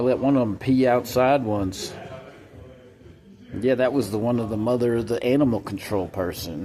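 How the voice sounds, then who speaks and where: A man's voice: lowish voice, warm tone. A man talking to camera in a rambling, profane monologue that jumps from topic to topic.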